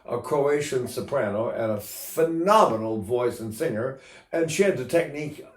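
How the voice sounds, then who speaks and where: A man's voice: mid-range voice, lively intonation, normal speed, reverberant. An older man teaching singing in a casual, rambling way, breaking into sung vowels to demonstrate.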